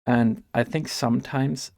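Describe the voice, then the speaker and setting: A man with a German accent talks casually over gameplay, his mid-pitched voice gravelly with fry. He rambles and thinks aloud, full of fillers and restarts, while dealing with allergies. The sound is dry and close. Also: steady tone, unhurried, darkish tone, dry recording. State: has allergies. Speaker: gaming vlogger. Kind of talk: casual chat while playing a game.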